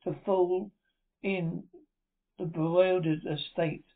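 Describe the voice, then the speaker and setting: A man's voice: sits high, little pitch movement, takes it slowly. Male audiobook narrator, dramatic storybook reading; phone-like, lo-fi sound. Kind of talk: dramatic reading of a Gothic novel. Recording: tinny lo-fi recording.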